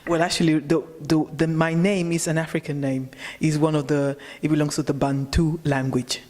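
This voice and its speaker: A woman's voice: sits low, little pitch movement, moderate pace, darkish tone, in a large hall. A young woman from Spain, a language teacher answering interview questions earnestly, often repeating words as she searches for them. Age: young adult.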